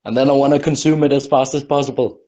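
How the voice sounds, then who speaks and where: A man takes part in a tabletop role-playing session, talking through his moves and dice rolls. His voice is mid-pitched, and his manner stays casual and matter-of-fact. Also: fairly even intonation, quick pace, warm tone. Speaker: player. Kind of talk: tabletop gaming chat.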